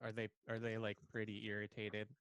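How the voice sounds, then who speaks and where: Young guy player, halting and jokey, dry close sound. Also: fairly low pitch, completely flat delivery, fairly bright tone, clear, resonant tone, dry recording. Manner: hesitant, joking, lots of uhs. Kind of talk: casual tabletop game chat.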